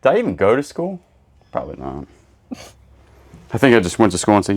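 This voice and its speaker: A man's voice: on the low side, wildly swooping pitch, fairly quick, dry recording. A man hosting a casual storage unit unboxing, cracking goofy jokes as he unpacks. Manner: joking, goofy asides. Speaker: storage unit reseller host. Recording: faint background noise, birds.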